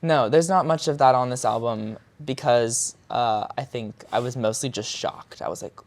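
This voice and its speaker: A male musician with a naturally high voice, chatting casually in an interview, full of likes and ums and quick to laugh. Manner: chatty, filler-heavy with frequent likes and ums, laughs easily. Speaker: musician guest.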